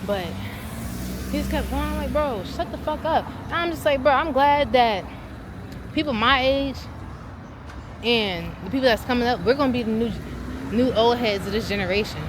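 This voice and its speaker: A woman in her twenties telling a casual storytime vlog in a slangy, animated, exasperated way. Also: fairly high pitch, normal speed, long pauses. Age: 20s. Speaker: vlogger. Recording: loud outdoor street noise.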